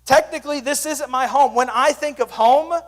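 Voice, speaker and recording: A young man speaking as a youth pastor, giving an energetic, joking sermon full of stories. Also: very high-pitched, moderate pace, long reverb tail. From Sand Springs area, US.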